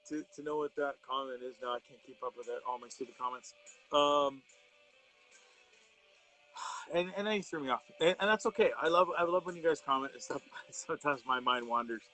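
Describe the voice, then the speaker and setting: A man's voice: on the high side, bright, forceful tone, poor audio. A middle-aged man hosting a live online show, talking casually and ranting with profanity, rambling with fillers and restarts, and reading viewer comments aloud.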